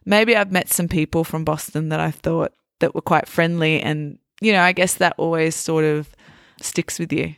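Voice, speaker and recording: A woman's voice: low-pitched, steady tone, moderate pace, creaky, smooth, no echo, studio quality. A woman hosting a podcast and chatting in a friendly way, with frequent ums. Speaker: podcast host. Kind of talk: casual interview chat.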